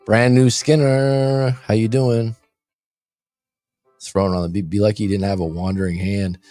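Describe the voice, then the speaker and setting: Low-voiced man rambling on a livestream. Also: flat delivery, moderate pace, mellow, no echo, faint music behind. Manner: rambling, jokey, reads chat aloud. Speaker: coaching show host. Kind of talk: casual livestream chat. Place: room by street windows, abroad.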